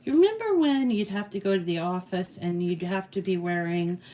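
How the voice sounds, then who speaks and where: A woman's voice: lowish voice, lively intonation, brisk, mellow. A middle-aged woman hosting a casual crafting tutorial, chatty and rambling, often laughing at herself as she works. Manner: chatty, rambling, self-deprecating. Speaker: craft channel host.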